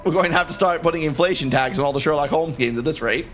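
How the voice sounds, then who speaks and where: A man's voice: fairly high pitch, fast talker, a bit bright. A man streaming a video game, joking and laughing often in casual banter. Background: game music.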